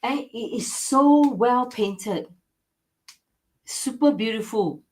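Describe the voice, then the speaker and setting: A woman's voice: on the high side, takes it slowly, darkish tone. Enthusiastic woman selling antiques on a live stream. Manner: enthusiastic, repeats "okay?" and "right?", non-native grammar. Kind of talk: live-stream sales chat.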